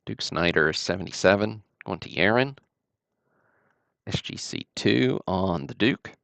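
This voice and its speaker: A man's voice: lowish voice, lively intonation, measured pace, vocal fry, fairly bright tone, no room sound. A man from Alabama, casually hosting a card-break livestream with easygoing, chatty commentary.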